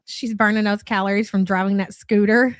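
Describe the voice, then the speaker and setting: A woman's voice: mid-range voice, fairly even intonation, a little fast, clean tone, no room sound, clean studio sound, soft background music. Blunt, mocking woman streamer. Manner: blunt, mocking, swears freely. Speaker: commentary streamer. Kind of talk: casual live-stream commentary.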